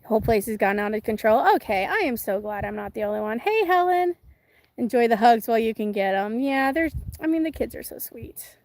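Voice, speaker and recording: In a dry recording, a woman with a slightly high, expressive, somewhat mellow voice talks briskly. Hosting a relaxed home livestream with chickens close by, this mother of twins chats rambling with her viewers and reads their comments, full of fillers and self-restarts.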